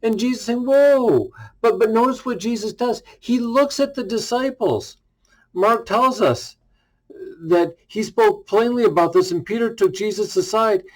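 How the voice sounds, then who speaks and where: A male pastor giving a relaxed daily devotional, reading scripture and retelling it in a casual, conversational way. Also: high-pitched, a little slow, poor audio.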